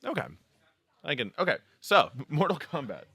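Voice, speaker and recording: Bright, laughing podcast co-host man. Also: on the high side, big pitch swings, moderate pace, slightly rough, dry recording. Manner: laughs easily, agreeable. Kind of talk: casual gaming podcast chat.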